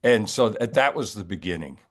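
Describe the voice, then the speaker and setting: Older male author guest, low voice, wry and meandering, chatty interview delivery. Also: lively intonation, brisk. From New York area, US. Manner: wry, rambling storyteller. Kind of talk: relaxed interview chat.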